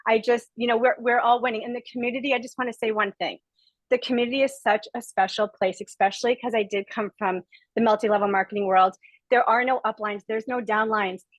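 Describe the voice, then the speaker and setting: Forties woman, emotional guest testimonial over a video call; earnest and gushing, bright-ish pitch, dry. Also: dry recording, low-quality recording. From Rhode Island. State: close to tears. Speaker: guest speaker sharing a testimonial.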